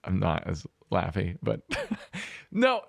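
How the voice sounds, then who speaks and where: A man's voice: low voice, wildly swooping pitch, slow, vocal fry, no echo. A man hosting a podcast in a casual, lighthearted and joyful way. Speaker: podcast host. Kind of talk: casual conversation.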